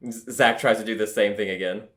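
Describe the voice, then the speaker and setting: A man's voice: fairly low pitch, fairly even intonation, fairly quick, a bit bright. A man playing a tabletop game, narrating his character's clumsy antics with comic timing. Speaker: player.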